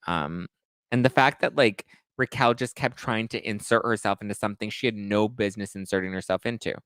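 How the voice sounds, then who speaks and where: A man hosting a casual reality TV recap, talking in a sassy, dramatic way with quick asides. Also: on the low side, fairly bright tone, clear, resonant tone, dry recording. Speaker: host.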